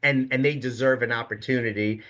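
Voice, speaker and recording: Middle-aged male guest, bright forceful tone, animated storyteller. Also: mid-range voice, fairly quick. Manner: animated storyteller, quotes others with emphasis. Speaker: guest, hotel executive. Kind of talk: casual interview storytelling.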